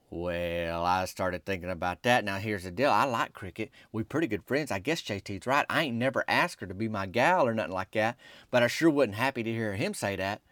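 A man, telling a folksy comic story in a drawling, deadpan small-town voice. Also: lowish voice, brisk, no room sound, studio quality. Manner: drawling Southern-style rural dialect, deadpan storytelling. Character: small-town softball player telling his tale.

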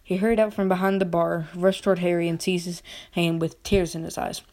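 A woman reading a children's novel aloud at an unhurried pace, now and then stumbling and restarting a word. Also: lowish voice, little pitch movement, darkish tone. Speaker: reader. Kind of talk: amateur audiobook reading.

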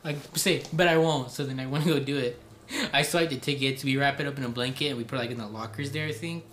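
A young man from Southern California co-hosting a podcast, telling a story to friends in an animated way and laughing as he goes. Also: medium pitch, a little hiss or hum. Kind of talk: casual storytelling among friends.

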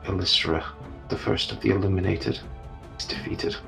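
A man narrating as game master, in a deliberate, gravelly voice. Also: low voice, fairly even intonation, a bit bright, faint music behind.

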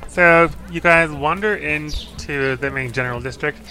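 A man's voice: a little high, a little slow, bright, forceful tone. A man narrating a tabletop role-playing game as game master, describing scenes with small apologetic asides.

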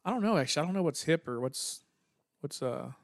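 Fast-talking profane podcast host. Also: male voice, on the high side, creaky, no room sound, studio quality. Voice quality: mumbly, relaxed voice. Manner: profane, joking, teasing. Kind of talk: casual podcast banter. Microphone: studio microphone.

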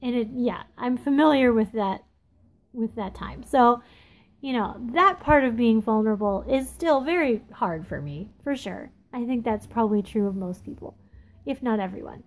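A woman in her thirties with a candid, confessional way of talking, reflecting aloud in a casual monologue and pausing often with ums. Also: a little high, expressive. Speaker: podcast host. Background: phone texting interruptions.

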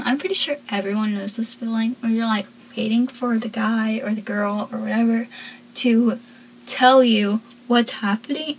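A woman's voice: on the high side, a little hiss or hum, low-quality recording. A young woman talking casually about a TV episode, rambling and chatty, sounding tired. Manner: chatty, rambling, with frequent laughs. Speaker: TV show recapper.

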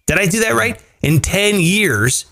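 A man's voice: high voice, animated, measured pace, creaky, bright, forceful tone. A man hosting a casual chat show, explaining money tips with emphatic, profane energy. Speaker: podcast host.

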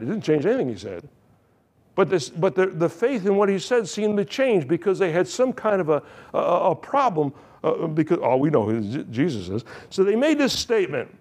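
A pastor preaching a sermon, reading scripture and retelling it with joking asides. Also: male voice, a little high, darkish tone.

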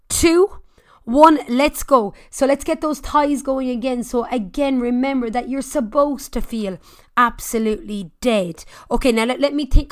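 A woman coaching a spin class, counting down intervals, shouting encouragement and cracking jokes. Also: high voice. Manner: jokey, swears casually.

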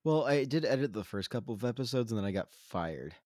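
A man's voice: medium pitch, animated, brisk, darkish tone, no echo, clean studio sound. A young man from the Central Coast of California, co-hosting a podcast in casual, self-deprecating, joking chat. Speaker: podcast co-host.

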